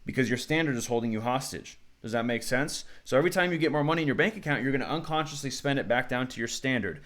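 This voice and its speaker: A man giving unscripted self-improvement advice to camera in an energetic, slangy way, acting out the people he quotes. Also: mid-range voice.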